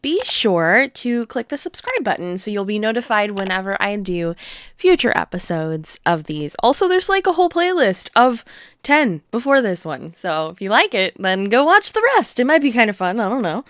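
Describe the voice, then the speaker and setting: A chatty young woman, vlogging casually about her week as a small shop owner, now and then dropping into a hushed whisper. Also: fairly high pitch, sing-song, normal speed, low-quality recording. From Texas. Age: 20s. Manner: bubbly, chatty, drops to whispers when cozy. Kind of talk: casual vlog chat. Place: outdoors at home during a rainstorm, then indoors. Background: rain falling.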